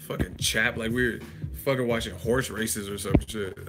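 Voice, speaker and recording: A man's voice: lowish voice, moderate pace, music in the background. A man hosting a live chat stream, roasting a viewer in a profane, mocking, laughing way. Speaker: livestream host.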